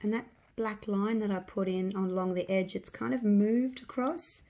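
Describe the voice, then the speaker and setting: A woman with a croaky, slightly hoarse voice at a middling pitch chats away to her viewers from her home craft space. She thinks out loud as she works, talking to the audience in an easy, unscripted way. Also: fairly even intonation, moderate pace. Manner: chatty, thinking aloud, talks to viewers. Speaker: resin craft vlogger. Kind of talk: casual chat while crafting.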